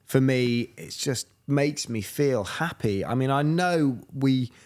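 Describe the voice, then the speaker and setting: A man's voice: medium pitch, expressive, takes it slowly, a little mellow. A man in his thirties co-hosting a podcast, his voice sitting in a middle register. He chats easily and tells stories with frequent laughter. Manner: chatty storyteller, laughs often. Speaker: podcast co-host. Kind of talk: casual chat.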